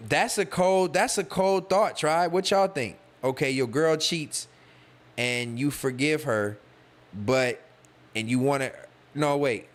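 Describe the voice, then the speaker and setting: A man's voice: medium pitch, measured pace. A young man hosting a livestream, riffing loosely and profanely and talking straight to his chat. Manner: loose, slangy and profane, talks to chat directly. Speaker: podcast host streaming live. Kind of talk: casual livestream monologue, reading chat.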